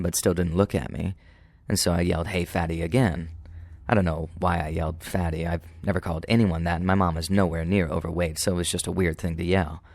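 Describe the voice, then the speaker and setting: A man narrating true paranormal stories in a calm, steady, scripted way. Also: sits low, no room sound. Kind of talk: scripted horror story narration.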